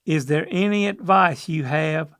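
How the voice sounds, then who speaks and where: A man's voice: on the high side, measured pace, a bit bright, clear, resonant tone, no room sound, studio quality. An older man, co-hosting a casual chat and stumbling hesitantly over unfamiliar words. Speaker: podcast co-host, the father.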